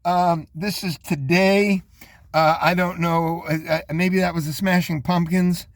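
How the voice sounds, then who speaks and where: A man hosting casual commentary on music videos, relaxed and rambling with asides. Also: high-pitched, unhurried, no echo. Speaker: host.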